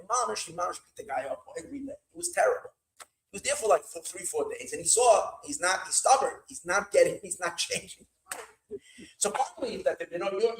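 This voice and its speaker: A rabbi telling a story at an evening gathering, animated and repetitive, slipping in Yiddish words. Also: male voice, high-pitched, reverberant, poor audio.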